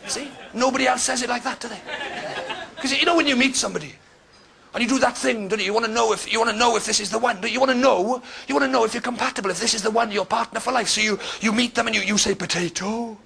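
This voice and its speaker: A Welsh male stand-up comedian with a high, gravelly-edged voice talks fast on a comedy club stage before a live audience. He's conversational, teasing the crowd and erupting in sudden loud outbursts. The live club recording is noisy, with the crowd audible in the background.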